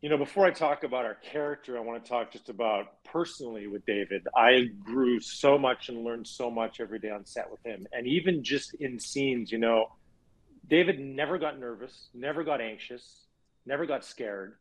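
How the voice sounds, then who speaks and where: A man's voice: mid-range voice, normal speed, rough recording. A man, an actor, telling stories from a film set in a casual virtual cast chat.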